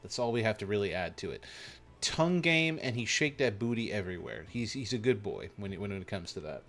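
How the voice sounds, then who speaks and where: A man commentating casually while live-streaming a game, playful and rambling, with sudden excited yelps. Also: lowish voice, fast talker.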